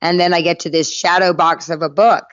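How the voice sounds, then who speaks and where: A middle-aged woman from North Carolina, a podcast guest telling her life story in a lively way and acting out the people in it. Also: lowish voice, a little fast, dry recording, lo-fi sound. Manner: lively anecdotal storyteller, acts out quoted voices. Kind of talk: storytelling interview.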